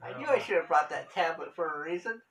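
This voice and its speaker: A man bantering over a card game, wry and quick to swear as he reads his cards aloud. His voice rings bright and climbs and falls a lot. The mic sits well away from him, with faint hiss behind. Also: on the high side, expressive, vocal fry. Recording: distant room mic.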